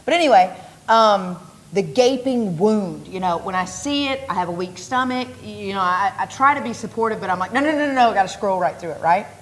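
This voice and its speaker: A woman's voice: mid-range voice, fairly quick, a little hiss or hum. Playful chatty woman co-host. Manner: playful and chatty, jumps between topics. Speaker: co-host of a local TV talk show. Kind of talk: casual chat.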